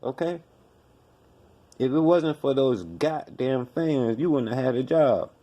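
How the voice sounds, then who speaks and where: Dude going off on a podcast, blunt and cussing, mellow low-key tone. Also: male voice, lively intonation, unhurried. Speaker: podcast host. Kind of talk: profane commentary rant.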